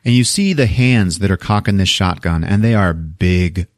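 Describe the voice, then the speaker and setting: A man's voice: low voice, normal speed, no echo, studio quality. A man co-hosting a podcast, retelling a film scene by scene in casual, profane talk and acting out the characters' lines. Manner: profane, animated storytelling, jumps into character voices. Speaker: podcast co-host recapping a film. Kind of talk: casual movie recap with acted-out lines.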